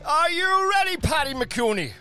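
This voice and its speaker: A man putting on an exaggerated Irish accent to play an over-the-top hyped radio host, shouting. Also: extremely high pitch, lively intonation, moderate pace, soft background music, pitched above the performer's own voice, heavily acted.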